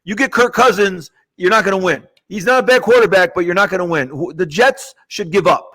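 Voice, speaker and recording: Older dude, fairly high voice, slow musing sports chat. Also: male voice, fairly bright tone. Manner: drawn-out, musing, gives advice. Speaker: podcast co-host. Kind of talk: casual sports banter.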